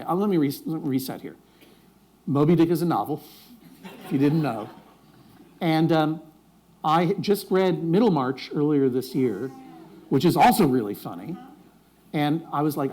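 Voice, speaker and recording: A man's voice: fairly high pitch, expressive, a little slow, pauses often, a little mellow. A man speaking on stage before a live audience, wry and rambling, often restarting his sentences. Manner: rambling, self-interrupting, wry jokes.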